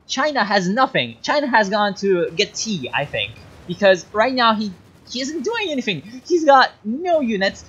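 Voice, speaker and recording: Caster for a strategy replay: lively, swinging delivery, patient explaining that erupts into frustrated yelling, dull lo-fi sound. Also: medium pitch, normal speed, slightly rough. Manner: explains mechanics, then breaks into exasperated shouting at players. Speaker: game caster. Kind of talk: replay commentary of a strategy game.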